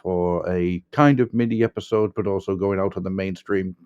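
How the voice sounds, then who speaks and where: A man's voice: low-pitched, steady tone, moderate pace, a little mellow, clear, resonant tone, dull audio. A man hosting a podcast in casual chat, playful and jokey with silly asides. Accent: Cumbrian-Irish mix. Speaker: podcast host.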